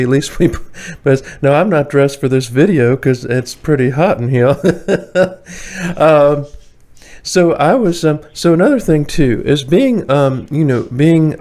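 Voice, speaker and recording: Man with a Tidewater Virginia accent and an average-pitched voice, talking casually and rambling in a home vlog. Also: a little mellow. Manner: chatty, rambling, many fillers, chuckles often. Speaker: vlogger. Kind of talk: casual opinionated monologue. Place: indoors, warm room.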